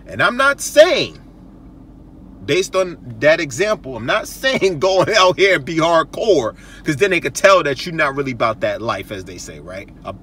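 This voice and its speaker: A man's voice: medium pitch, a bit bright, far from the mic, a little hiss or hum. A male host giving casual advice, emphatic and repetitive, often checking in with "okay?" and "right?".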